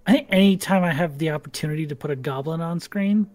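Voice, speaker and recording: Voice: medium pitch, quick pace, a little mellow, soft background music. A podcast co-host and game master with a Boston accent, talking casually, joking bluntly and swearing freely. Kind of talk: casual chat.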